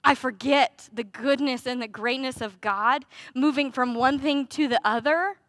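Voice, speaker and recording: A woman's voice: high-pitched, measured pace, a bit bright, dry recording, clean studio sound. A woman preaching a sermon in a conversational way, with rhetorical questions and playful asides.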